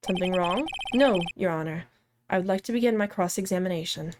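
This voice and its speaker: A woman's voice: on the low side, a little fast, background noise, natural voice. A woman voicing an earnest, slightly unsure young male defense attorney from a video game on a livestream, thinking aloud between questions. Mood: reflective.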